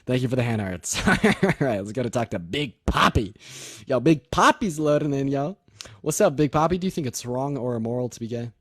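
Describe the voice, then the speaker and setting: A man's voice: mid-range voice, animated, fast, few pauses, dry recording, clean studio sound. A nineteen-year-old man hosting a livestream debate, chatting casually, thanking viewers and laughing often. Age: young adult.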